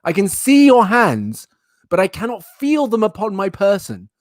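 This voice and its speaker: A man putting on the voice of his pet cat, a demanding, pompous male who speaks slowly and formally. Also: sits high, huge pitch swings, no echo, studio quality, pitched above the performer's own voice. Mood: aggrieved, demanding. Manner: slow, formal, indignant complaining.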